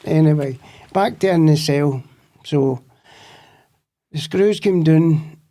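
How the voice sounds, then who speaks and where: A man's voice: on the high side, takes it slowly, dark tone. A man with a Scottish accent, telling rambling, profanity-laced stories as a guest in a casual interview. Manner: swears freely, rambling anecdotes. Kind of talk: casual storytelling.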